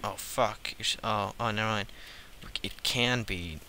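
A young man giving casual, profane gameplay commentary, jumping from low mutters to squealing shouts. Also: unhurried, creaky, a little hiss or hum. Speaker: gaming channel host.

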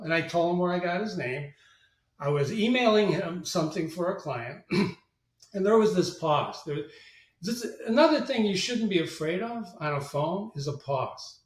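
A man's voice: sits high, normal speed. A middle-aged man, a marketing agency president, telling business anecdotes as an interview guest and acting out the voices in them. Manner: animated, acts out quoted voices. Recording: echoey room, distant mic.

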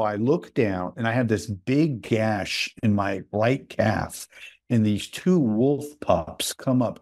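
A man's voice: mid-range voice, darkish tone, no echo, clean studio sound. Man telling stories, checking in with "right?". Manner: storytelling, with repeated "right?" check-ins. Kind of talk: casual podcast conversation.

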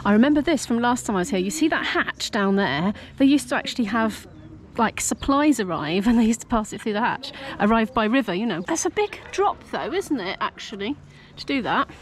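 A woman's voice: a little high, expressive, brisk. A woman narrating a casual travel vlog while touring a castle, curious and lightly humorous. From Britain. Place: outdoors and inside a stone castle.

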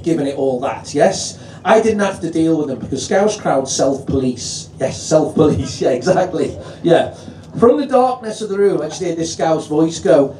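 Scouse stand-up compere, male, high bright-ish voice but mellow tone, heard from a distance in an echoey club. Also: a little hiss or hum. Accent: Liverpool. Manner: swearing, chatty, crowd-teasing. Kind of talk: stand-up comedy set. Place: live comedy venue.

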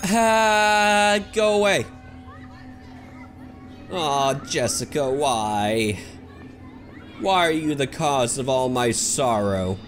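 With faint music behind him, this man speaks slowly in an animated, mid-range voice. He's a gaming video host doing let's play commentary on a horror game, cracking sarcastic jokes, answering the characters back, and swearing or yelping at every scare.

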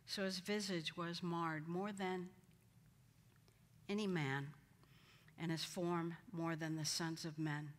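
A woman's voice: lowish voice, steady tone, slow, long pauses. A woman teaching a Bible study, acting out the quoted lines with dramatic emphasis. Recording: hall reverb.

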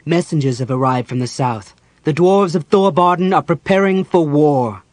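A man reading the part of a soft-spoken, intense male mage in an audiobook. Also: on the high side, moderate pace, no echo, pitched above the performer's own voice, close to an everyday voice. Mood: urgent. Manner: soft, hushed.

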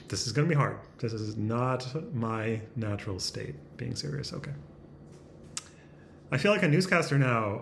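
A man talks straight to camera at home in a casual, self-conscious way, joking and often laughing at himself. His voice sits at a mid pitch. A faint room hiss hangs under the recording. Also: lively intonation, moderate pace, gravelly. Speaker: vlogger. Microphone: camera facing him.

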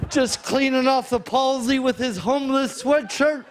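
A man's voice: extremely high pitch, normal speed, noisy background. A man doing a stand-up routine on a studio stage, telling a story in a laid-back way with punchy quoted voices. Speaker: stand-up comedian. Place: studio stage before a live audience. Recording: live stage mic with loud audience. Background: audience laughter.

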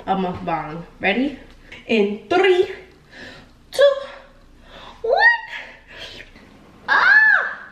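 Bubbly young girl chatting to her viewers, roomy kitchen sound, phone a bit far off. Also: mid-range voice. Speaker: vlogger. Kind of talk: casual vlog chat. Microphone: phone on tripod. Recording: roomy home audio from a bit off-mic.

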